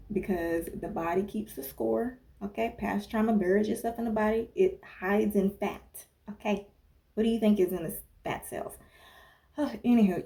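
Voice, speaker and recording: A woman wellness coach talks straight to the camera in a loose, chatty advice style. Her voice is mellow and warm. She keeps checking in with "okay?" and drifts into asides. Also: mid-range voice. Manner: chatty, tags points with "okay?", digresses and laughs at herself. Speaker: wellness coach and former personal trainer. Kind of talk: casual talking-head advice monologue.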